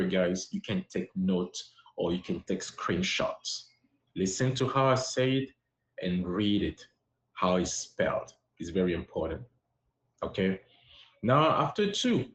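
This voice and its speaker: A man teaching a live-streamed French lesson, patiently encouraging his viewers and repeating words slowly. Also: fairly low pitch, roomy sound. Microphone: live-stream app.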